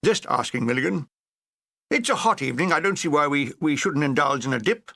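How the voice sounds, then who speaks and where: Guy putting on a bossy drunk army major, barks orders, bright gravelly voice. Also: on the high side, animated, fairly quick, no room sound, studio quality, heavily acted. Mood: genial. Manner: brusque, bossy officer bark. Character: blustering hard-drinking army major, middle-aged man.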